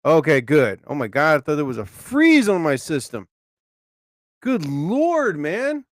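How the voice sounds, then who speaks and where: A man hosting his own live stream in a loose, rambling way, with quick flashes of frustration and swearing. His voice sits fairly high, and the recording is dry and close. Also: big pitch swings, no echo. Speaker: live show host.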